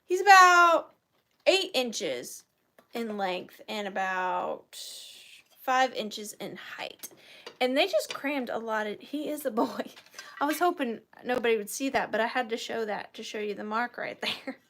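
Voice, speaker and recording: Bright, high-voiced woman selling vintage live. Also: animated, unhurried, a little hiss or hum. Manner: chatty and self-deprecating, easily moved to tears. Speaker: host of a live vintage sale. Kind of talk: chatty live-stream selling.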